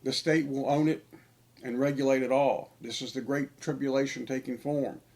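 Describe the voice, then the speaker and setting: Male online preacher, average pitch, insistent sermonizing delivery. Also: fairly even intonation, moderate pace, a little mellow. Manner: emphatic, preachy, repeats phrases for stress. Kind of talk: sermon-style monologue.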